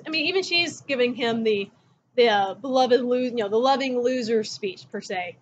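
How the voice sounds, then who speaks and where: Female history teacher, home-recorded lecture, animated storyteller, slight background hiss. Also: on the high side, moderate pace. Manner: chatty storytelling, acting out quotes. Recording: dull lo-fi recording.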